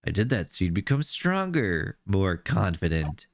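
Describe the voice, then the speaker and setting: A man's voice: measured pace, hardly any pauses, slight background noise. A young man streaming a game live, reading its dialogue aloud with emotion and reacting between lines. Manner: emotive reading with lively pitch swings.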